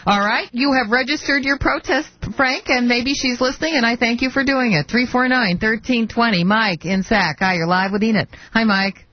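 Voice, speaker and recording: A woman's voice: on the high side, moderate pace, hardly any pauses. A woman hosting a call-in talk radio show, opinionated and firm, pushing back on callers. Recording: muffled lo-fi broadcast audio.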